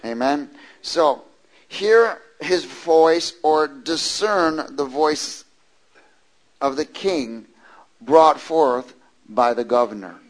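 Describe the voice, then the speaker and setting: A man's voice: fairly high pitch, poor audio. A man preaching a sermon and reading scripture aloud, stressing words and calling for responses from the congregation. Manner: emphatic, calls for responses from the congregation; draws out scripture words slowly, with sudden loud stresses.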